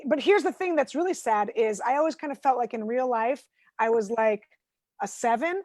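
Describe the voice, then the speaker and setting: A woman comedian doing an animated, self-deprecating stand-up set from home. Her voice sits high and the sound is dry, as heard over a video call. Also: normal speed, no room sound.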